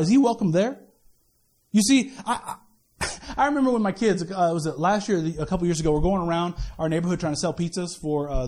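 A male pastor giving a sermon in a conversational, animated way, often restarting his sentences and adding quick asides. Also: very high voice. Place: church worship service.

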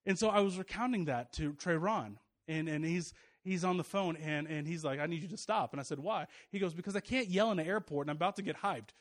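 A man's voice: fairly high pitch, fast talker, few pauses. A male pastor in his thirties giving a casual, joking sermon to his congregation, with many fillers and restarts.

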